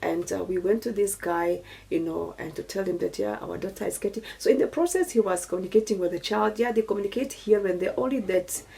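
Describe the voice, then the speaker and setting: A woman's voice: medium pitch, brisk, creaky, few pauses, warm tone, rough recording. A middle-aged woman from Namibia with a Namibian accent, telling a personal story to camera in an earnest, preachy way and thanking God often. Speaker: YouTuber. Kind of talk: personal story time, testimony.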